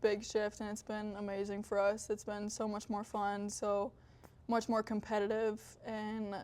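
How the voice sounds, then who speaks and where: A young woman from Iowa, a college volleyball player, giving brief soft-spoken interview answers with lots of "like". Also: mid-range voice, monotone, measured pace. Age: young adult.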